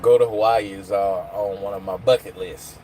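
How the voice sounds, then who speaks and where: A man's voice: on the low side, steady tone, normal speed, mellow, slight background noise. Chatty man on a phone livestream. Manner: rambling, chatty, answers chat comments. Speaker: livestream host. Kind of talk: casual live chat with viewers.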